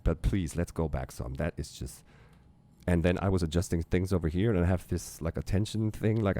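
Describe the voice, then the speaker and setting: A middle-aged German man, a native German speaker with a German accent, chatting casually and excitably in a rambling, profane way as a guest on a reaction video. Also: deep voice, creaky.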